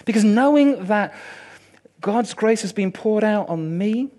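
A man preaching with a fairly high voice and lots of drama. He drops to a near hush, then builds to loud, fervent peaks. A colors his delivery. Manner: swings from hushed to loud, impassioned and dramatic. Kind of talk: sermon.

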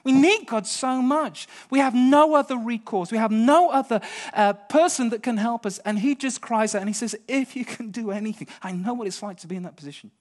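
A middle-aged British man preaching a sermon, swinging between hushed storytelling and impassioned pleading. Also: very high voice, a little fast.

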